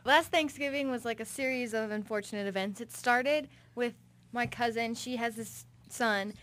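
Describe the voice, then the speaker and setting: A young woman tells a story in a relaxed radio chat. Her voice sits a little high and she sprinkles "like" through her sentences. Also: moderate pace. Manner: chatty, uses "like" a lot. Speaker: show regular. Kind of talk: casual storytelling.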